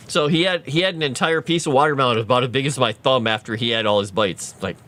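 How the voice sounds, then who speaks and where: Chatty bright-voiced man streaming. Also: medium pitch, fast talker, few pauses. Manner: rambling, chatty, reads chat aloud. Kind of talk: casual livestream chat.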